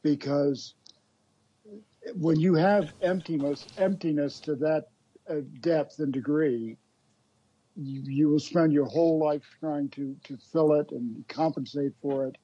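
An earnest, reflective man who talks haltingly, his voice husky and warm and a little higher than most men's. The sound is dull and lo-fi. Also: fairly even intonation. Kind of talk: casual political chat.

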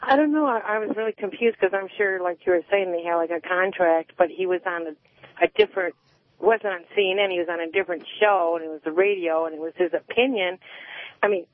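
A woman's voice: fairly low pitch, fast, no echo. A woman calling in to a radio show, talking hesitantly and repeating herself. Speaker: caller. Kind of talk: casual call-in chat. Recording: tinny phone line.

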